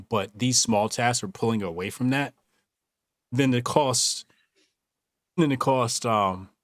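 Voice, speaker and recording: Measured man explaining business logic. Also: lowish voice, no room sound, studio quality. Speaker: team member giving business advice. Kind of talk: casual group chat.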